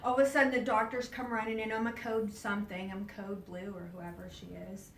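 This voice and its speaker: A woman's voice: medium pitch, fairly quick. Woman telling a story in an echoey hall. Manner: animated, acts out quoted voices, drops to hushed whispers; laughs often while talking. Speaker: speaker at a spiritual event. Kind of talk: personal storytelling to a live audience. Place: event hall. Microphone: distant camera mic. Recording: roomy, distant live event recording.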